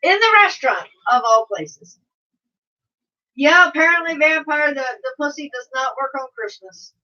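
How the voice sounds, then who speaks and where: A woman with a high, bright, forceful voice and lively intonation hosts a casual livestream at normal speed, chatting and laughing often while reading viewers' comments aloud. The sound is dull and distant.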